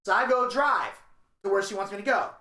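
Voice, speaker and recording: A man's voice: high voice, a little fast, reverberant. A man co-hosting a podcast, telling stories in casual chat, swearing freely and acting out what people said. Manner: animated storyteller, swearing, acts out quotes. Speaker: podcast co-host.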